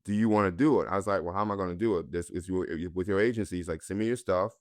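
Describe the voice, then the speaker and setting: A man's voice: low-pitched, racing, no echo, studio quality. A man from North Carolina, an actor guest, earnestly and candidly telling his own story in a conversation.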